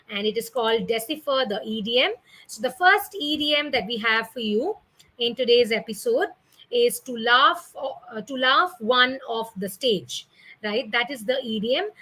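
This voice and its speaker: A woman's voice: fairly high pitch, bright, forceful tone, rough recording. A young woman, teaching an online class in a chatty way, often ending with "isn't it?" and "right?". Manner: chatty, with tag questions and fillers.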